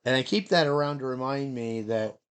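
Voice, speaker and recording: A man's voice: mid-range voice, brisk, fairly bright tone, clear, resonant tone. Rambling man musing aloud. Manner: meandering, playful, breaks into silly dog noises and voices. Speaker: vlogger. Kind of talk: rambling casual monologue.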